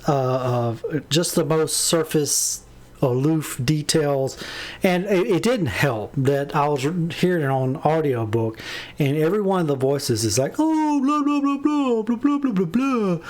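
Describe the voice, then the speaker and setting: A man's voice: a little high, darkish tone. A man giving a casual spoken book review, rambling with many restarts and fillers, plainly exasperated.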